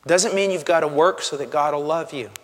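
Male pastor, sermon, impassioned, hushed to shouting, high voice, long hall reverb. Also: fairly quick.

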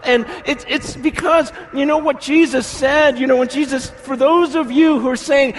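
A middle-aged man preaching a sermon as pastor, animated, swinging from soft asides to shouting. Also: very high-pitched, moderate pace, hardly any pauses.

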